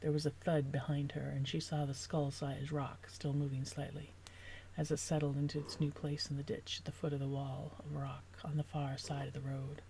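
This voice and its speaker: A woman's voice: low-pitched, flat delivery, normal speed, gravelly, dark tone, slight background noise. A woman author reading her own novel draft aloud, stopping now and then to rework a sentence.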